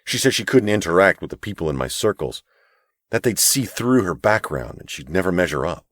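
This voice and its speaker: A man's voice: low-pitched, sing-song, brisk, fairly bright tone, no echo, studio quality, heavily acted. A male narrator voicing a young wealthy businessman, heartbroken and bitter, speaking strained and clipped. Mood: defensive.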